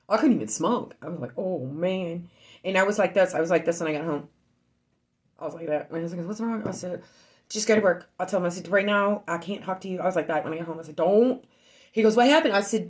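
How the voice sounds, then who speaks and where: A woman streaming casually to her online group, shaken, repeating herself, swinging from loud outbursts to low murmurs. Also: quick pace. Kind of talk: emotional casual storytelling.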